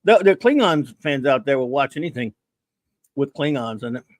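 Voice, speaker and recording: A man's voice: mid-range voice, sing-song, normal speed, dry recording. A man hosting a podcast, chatting casually with dry, mumbled asides. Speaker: podcast host. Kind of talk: casual review chat.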